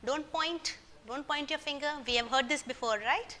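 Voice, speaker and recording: Bright high-voiced Indian teacher. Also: female voice, moderate pace, slight background noise. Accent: Indian English. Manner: patient, addresses children directly with frequent "right?". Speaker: school English teacher. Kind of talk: explaining a poem to a class.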